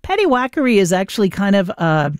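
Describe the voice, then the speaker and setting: A woman's voice: mid-range voice, very animated, a little fast, clear, resonant tone, dry recording. Chatty radio DJ woman, dry sound. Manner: chatty, storytelling, playful. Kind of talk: casual radio chat.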